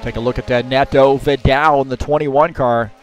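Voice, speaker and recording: A man's voice: medium pitch, steady tone, normal speed. A man giving casual, chatty commentary on a sim race, with lots of fillers.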